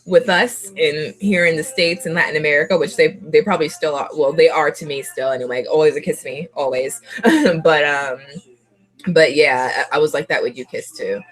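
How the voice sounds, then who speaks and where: A young woman vlogger of Puerto Rican heritage chatting casually to camera, laughing often and gushing like an excited fan. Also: low voice, moderate pace.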